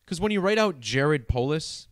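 Expressive and fairly high-pitched, a young man speaks at a moderate pace while hosting a numerology video over a screen share. The audio has no room sound, and he keeps laughing as he chats casually.

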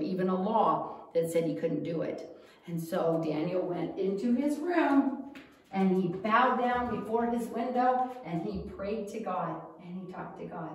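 A woman's voice: fairly low pitch, a little mellow. A woman teaching a children's Bible school lesson, telling the story animatedly to kids, in an echoey room with the mic far off.

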